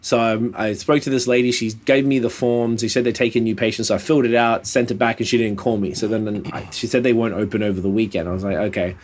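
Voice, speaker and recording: A man in pain telling a rambling, sweary story in casual chat over a call, sounding a little flat. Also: lowish voice, fast talker, few pauses, slight background noise. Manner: laid-back, swears often, rambling. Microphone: video call.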